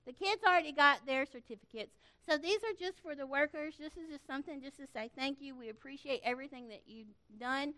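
A middle-aged woman speaking to a church gathering in an informal way, telling a story in an animated, folksy manner and earnestly thanking the volunteers. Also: sits high, brisk, few pauses. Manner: animated storytelling, acting out quoted voices.

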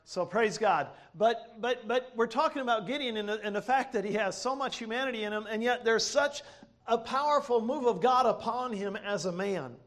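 A man's voice: very high voice, normal speed, fairly bright tone. A male pastor from Ohio preaching a sermon with emphatic, rising delivery and call-and-response.

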